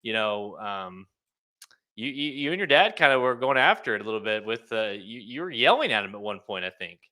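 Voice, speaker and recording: Man, 30s, podcast co-host, bright tone, casual rambling chat, frequent laughs. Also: lowish voice, big pitch swings, brisk. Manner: laughs often, loose rambling talk.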